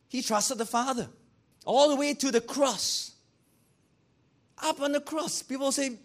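High-voiced pastor preaching. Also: male voice, normal speed. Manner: animated, rhetorical questions, acts out quotes. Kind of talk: sermon.

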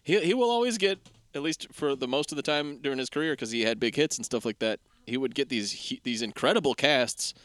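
A man's voice: mid-range voice, a little fast, fairly bright tone, no room sound. A man co-hosting a podcast, chatting about a bad movie with frequent laughs and casual swearing. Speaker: podcast co-host. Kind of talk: casual movie-review chat.

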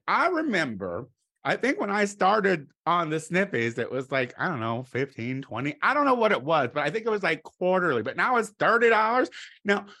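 Campy, animated middle-aged man. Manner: campy, animated and crude, swinging between loud exclamations and low asides. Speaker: comedic monologuist. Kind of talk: comedic monologue to camera.

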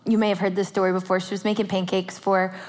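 A woman telling a family story as part of a sermon, lively and animated, acting out her children. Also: medium pitch, fast, in a large hall. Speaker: pastor's wife and co-speaker.

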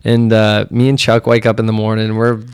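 A man's voice: lowish voice, completely flat delivery, a little fast, very noisy. A young man hosting a podcast, telling a rambling, profane story in casual chat. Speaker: podcast host.

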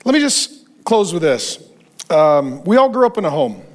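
At a moderate pace and on the high side of the range, a pastor preaches to his listeners. His storytelling is animated, and he voices the characters as he quotes them.

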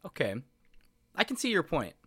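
A man's voice: fairly high pitch, wildly swooping pitch, moderate pace, fairly bright tone, breathy edge, no echo, clean studio sound. A man from the United States co-hosting a podcast, talking casually with lots of swearing and rambling restarts. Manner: profane, rambling, emphatic. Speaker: podcast co-host. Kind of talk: casual chat.

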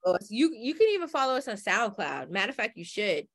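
A woman's voice: mid-range voice, sing-song, fast talker, no echo, clean studio sound. A woman co-hosting a casual podcast chat, loose and slangy, laughing often. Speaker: podcast co-host.

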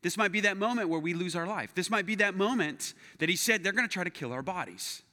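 Young male pastor, lively storyteller, higher voice, big church room sound. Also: quick pace. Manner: animated, acts out his own story with self-deprecating humor. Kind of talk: sermon with personal storytelling. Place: church sanctuary. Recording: long hall reverb.

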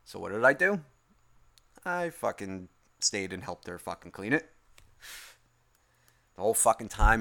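A man telling a work story in a casual, profane rant, swinging from muttering to near-yelling in exasperation. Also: lowish voice, big pitch swings, a little slow, creaky, long pauses.

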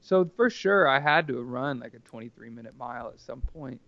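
A man's voice: mid-range voice, fairly even intonation, fairly quick, vocal fry, bright, forceful tone, no room sound, lo-fi sound. A man telling a personal story casually as a podcast guest, rambling and earnest, with lots of filler words.

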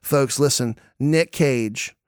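A man hosting a casual movie podcast, excitable, laughing often and stumbling over repeated words. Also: mid-range voice, slow pace, smooth, no echo, clean studio sound. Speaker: podcast host.

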